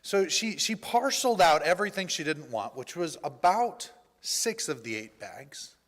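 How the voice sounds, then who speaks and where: A male pastor giving a personal testimony in a church, telling his story in an animated way and acting out the dialogue. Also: fairly high pitch, measured pace. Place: church sanctuary. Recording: reverberant church hall.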